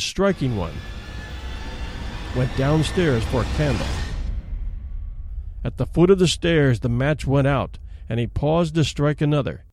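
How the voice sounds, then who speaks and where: A man who hosts a podcast and narrates a classic short story in an expressive, dramatic storytelling manner. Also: medium pitch, background noise.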